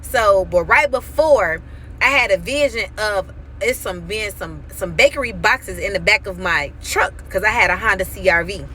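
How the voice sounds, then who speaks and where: A woman in her thirties giving an animated, emphatic faith testimony on her vlog, acting out quoted dialogue as she tells the story. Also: mid-range voice, normal speed, a little hiss or hum. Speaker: vlogger.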